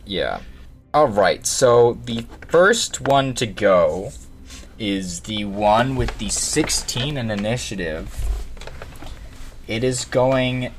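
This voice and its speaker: A man running a tabletop game as game master, describing the scene in a relaxed, rambling way with many fillers. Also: mid-range voice, slow, faint music behind.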